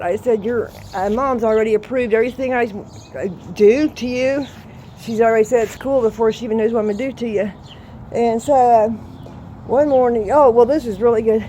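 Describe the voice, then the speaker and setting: Outdoors in her home yard, a boisterous, salty woman in her sixties vlogs, casually telling stories and laughing as she goes. Her voice is fairly high-pitched but dark in tone, with slight background noise.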